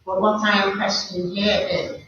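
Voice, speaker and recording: A man's voice: sits high, little pitch movement, moderate pace, bright, forceful tone. A man from the public arguing his point at a council meeting, insistent and interrupting, and often repeating himself. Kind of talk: public comment and debate at a meeting. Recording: echoey room, far from the mic, dull sound, faint noise.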